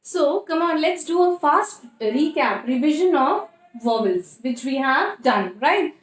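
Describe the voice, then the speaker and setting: Her high voice carries lively intonation as she leads a kindergarten phonics lesson in an Indian English accent. She goes slowly, sounding out each letter and posing questions she then answers herself, all in a room with noticeable echo.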